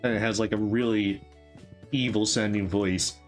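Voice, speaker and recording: A man's voice: fairly low pitch, steady tone, normal speed. A man streaming a game, playfully chatting to the characters as he plays. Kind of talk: casual gameplay commentary. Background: faint game music.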